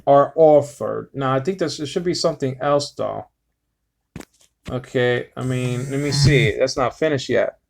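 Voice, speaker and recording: A man giving a casual Bible lesson, reading slowly with many fillers and sounding out Greek words. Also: mid-range voice, creaky, a little mellow, faint music behind. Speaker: Bible teacher.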